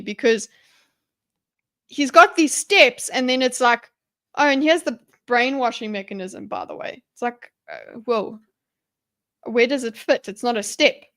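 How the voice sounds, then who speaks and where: A woman's voice: on the high side, a bit bright. Chatty woman thinking aloud. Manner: rambling, self-interrupting, chatty with viewers, quick laughs. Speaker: live streamer. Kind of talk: thinking aloud while mind-mapping on a live stream.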